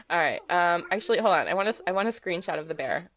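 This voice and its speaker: A woman's voice: on the low side, a bit bright. A young woman casually commenting on her gameplay, chatty and easily delighted, laughing often. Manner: chatty, giggly, exclaims at small things. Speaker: let's play host.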